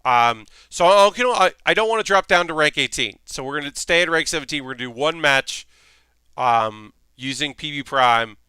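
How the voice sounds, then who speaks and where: Bright, crisp-voiced man streaming a card game. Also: on the high side, animated, moderate pace, no echo. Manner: chatty, thinking aloud with many ums and restarts. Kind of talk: casual live-stream commentary.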